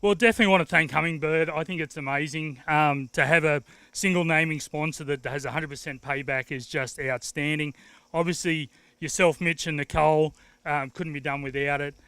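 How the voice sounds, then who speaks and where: An Australian man being interviewed at a fishing weigh-in, with a bright, clear, fairly high voice. He is laid-back and self-deprecating. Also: fairly even intonation, fairly quick, no echo. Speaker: winning angler. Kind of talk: casual interview. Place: outdoors at a lakeside weigh-in.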